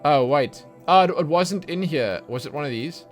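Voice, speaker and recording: A man chatting excitedly and thinking aloud while he streams himself playing a video game. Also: fairly high pitch, normal speed, faint music behind. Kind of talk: casual let's play commentary.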